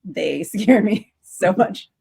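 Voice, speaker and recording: A woman chatting as an interview guest, telling a story animatedly with lots of fillers. Her voice is mid-pitched for a woman. She acts out each person's lines as she goes. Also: animated, takes it slowly, creaky, darkish tone, slightly rough.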